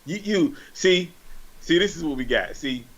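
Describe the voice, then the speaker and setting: A man co-hosting a casual sports podcast, animated and teasing in slangy banter. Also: fairly high pitch, measured pace, highs cut off. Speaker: podcast co-host.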